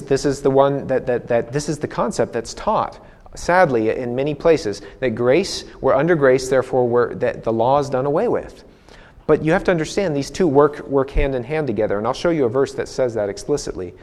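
A man's voice: medium pitch, a little mellow. Man preaching a casual sermon. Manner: conversational, repeats and restarts, laughs at himself. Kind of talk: sermon with personal story.

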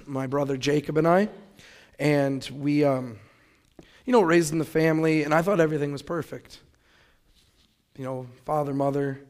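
A young adult man giving an earnest, reflective personal testimony that opens with a prayer. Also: on the high side.

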